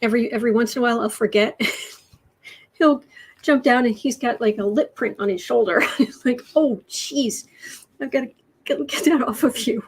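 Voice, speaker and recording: Casual American woman host, slightly raised pitch, breathy edge, exasperated reactions to headlines. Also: normal speed, pauses often. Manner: exasperated, reads headlines aloud, coos to her cat. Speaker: livestream host. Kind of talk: casual political livestream chat.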